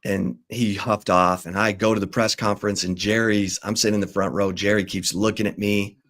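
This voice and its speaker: A man hosting a sports talk show, telling a long reporter's story in a lively, casual way and acting out the people he quotes. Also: lowish voice, brisk. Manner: acts out quoted people in changing voices. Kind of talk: animated storytelling.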